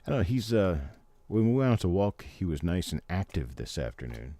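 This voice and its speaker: A man's voice: deep voice, very animated, brisk, warm tone, no room sound. An older man hosting a live stream from his home in casual chat, rambling and folksy with chatty asides. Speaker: host.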